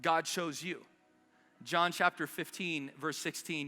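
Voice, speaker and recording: Bright, high-voiced impassioned male pastor. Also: fairly even intonation, slow, long reverb tail, soft background music. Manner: impassioned preaching, urgent rallying calls. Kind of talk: sermon. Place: church service in South Denver.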